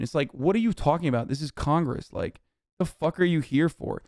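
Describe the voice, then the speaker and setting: A man's voice: on the high side, brisk, darkish tone, dry recording, studio quality. A man reacting to the news on a live stream, ranting in a heated, profane, sarcastic way.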